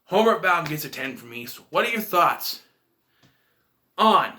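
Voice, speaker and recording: A man's voice: a little high, very animated, moderate pace, sharp tone. A man casually reviewing a movie in a vlog, retelling scenes in a rambling, emotional way.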